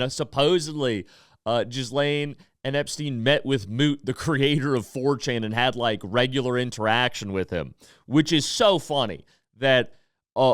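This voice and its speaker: A young man hosting a podcast, ranting in a bitter, sarcastic way that swings between quick outbursts and slow, drawn-out words. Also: medium pitch, a bit bright, clean tone, no echo, studio quality. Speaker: podcast host. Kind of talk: casual podcast rant.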